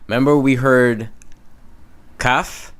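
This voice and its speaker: A man teaching beginners, explaining letter sounds slowly and checking in with "okay?" after each one. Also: medium pitch, fairly even intonation, smooth. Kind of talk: slow classroom explanation.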